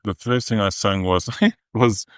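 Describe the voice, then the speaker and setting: A New man, an opera singer, telling lively backstage anecdotes as a podcast guest and acting out the quotes. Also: on the low side, unhurried, smooth, no room sound. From New Zealand. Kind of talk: animated storytelling.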